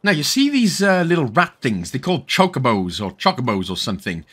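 A man's voice: medium pitch, sing-song, a little fast, fairly bright tone, slightly rough. A young Welsh man giving casual, jokey, rambling commentary over a game walkthrough. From Wales. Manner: rambling, jokey, self-correcting.

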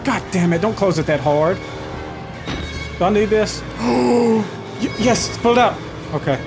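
Here a man with a high, creaky voice talks a little slowly while hosting a horror game let's play at home. Horror music plays in the background as the gaming channel host jumps, jokes nervously, and swears constantly.

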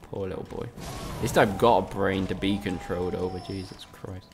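A man's voice: low-pitched, fairly even intonation, moderate pace, vocal fry, noisy background. A man from the UK, streaming a game live and trading teasing, sweary banter with his chat. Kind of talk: casual live-stream commentary.

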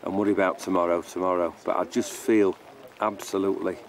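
A man on an expedition speaking on camera, weary and halting. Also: low voice, little pitch movement. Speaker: expedition participant. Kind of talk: reality confessional.

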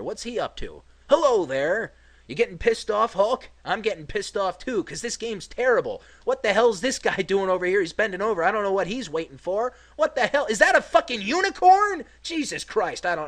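A man's voice: on the high side, fairly bright tone. A man commentating his gameplay casually, sarcastic and grumbling, swearing freely.

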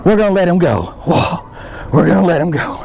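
A man's voice: high-pitched, expressive, fairly quick, gravelly. A man vlogging from a riverbank while fishing, breathless and exclaiming over and over. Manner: breathless, keeps exclaiming and repeating himself. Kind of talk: excited outdoor fishing narration. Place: riverbank outdoors.

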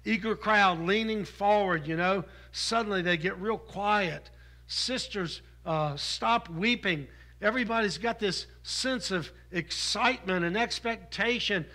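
A man preaching a sermon as pastor, earnest, moving from loud appeals to soft, intimate ones. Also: high-pitched, measured pace.

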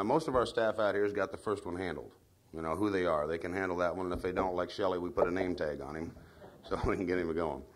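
A man giving a folksy training speech at a meeting, telling anecdotes and drawing the audience in with tag questions. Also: deep voice. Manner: tells anecdotes. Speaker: trainer of field staff.

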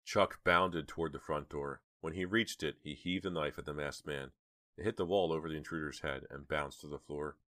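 A man narrating an audiobook with measured, dramatic storytelling. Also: a bass voice, steady tone, pushed and bright, no echo, studio quality. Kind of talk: audiobook reading.

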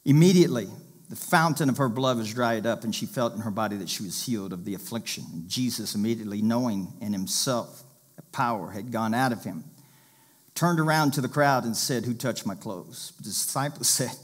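A man's voice: fairly low pitch, fairly quick. Man preaching a sermon, emphatic. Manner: emphatic, urging listeners to pay attention. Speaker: pastor. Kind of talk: sermon with scripture reading.

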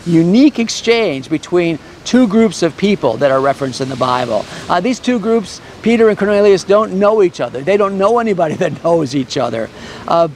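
A man's voice: sits high, a little hiss or hum. A man teaching a Bible study in an earnest, conversational way, reading scripture and explaining it.

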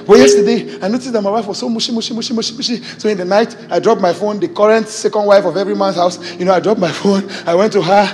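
A man's voice: sits high, fairly even intonation, fast talker, hardly any pauses, a little mellow. A Nigerian man preaching a sermon as a pastor, exuberant and exclaiming, joking with the congregation. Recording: hall reverb with faint music.

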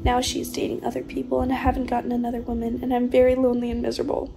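A woman's voice: fairly high pitch, completely flat delivery, rapid-fire, vocal fry, dark tone, faint music behind. A woman voicing a crude, boastful male ogre who insults people, reading a chatbot role-play aloud. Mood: self-pitying. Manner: rude, insulting, self-pitying.

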